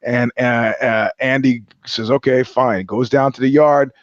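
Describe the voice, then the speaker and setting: A man's voice: mid-range voice, fairly even intonation, measured pace, no echo, lo-fi sound. A man co-hosting a podcast, telling rambling anecdotes in casual chat, swearing freely and acting out the quotes. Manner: rambling storyteller, swears often, acts out quotes. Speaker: podcast co-host.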